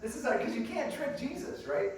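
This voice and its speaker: A man's voice: very high voice, lively intonation, fairly quick, slight background noise. A man preaching to a congregation, enthusiastic and chatty, calling them friends and laughing often. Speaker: guest preacher. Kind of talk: sermon. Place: church sanctuary. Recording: echoey room picked up from a distance.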